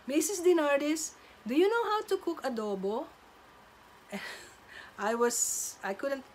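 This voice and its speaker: A middle-aged woman, a teacher, telling classroom stories in a careful, measured way with pauses. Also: mid-range voice, slight background noise. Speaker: substitute teacher. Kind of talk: casual storytelling to camera.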